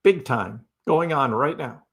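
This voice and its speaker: A man with a mid-range voice speaks at a measured pace while hosting a casual crypto livestream. He's talkative and repetitive, peppers his speech with "right?", and addresses chat commenters directly.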